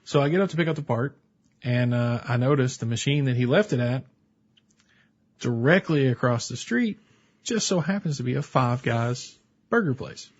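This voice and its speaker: A man co-hosting a podcast, telling an animated story in a casual chat. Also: medium pitch, normal speed, highs cut off. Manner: animated storyteller, breaks into laughter. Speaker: podcast co-host.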